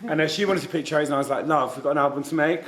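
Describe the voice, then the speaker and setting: A man's voice: a little high, rapid-fire, fairly bright tone. A man and band frontman chatting casually in a recording studio, camp and sardonic, full of dry wisecracks.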